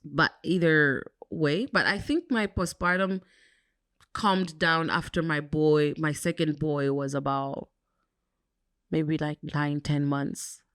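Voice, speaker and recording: A young woman with a notably low voice talks openly and reflectively as a podcast co-host. Her speech is loose and casual, full of "um" and "like." The recording is dry and close, with no room sound. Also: fairly even intonation, slow, fairly bright tone, dry recording. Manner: candid, reflective, fillers like "um" and "like". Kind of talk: casual chat.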